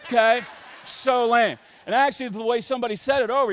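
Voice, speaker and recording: A man's voice: extremely high pitch, fairly quick, fairly bright tone, a little hiss or hum. A pastor preaching a sermon with energy, rhythmic and playful phrasing, and call-and-response to his church. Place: large church.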